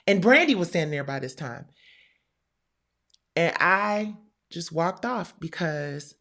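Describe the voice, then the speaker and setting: A middle-aged woman hosting her own show, telling a heated personal story to viewers, animated and profane, with quoted voices. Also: on the low side.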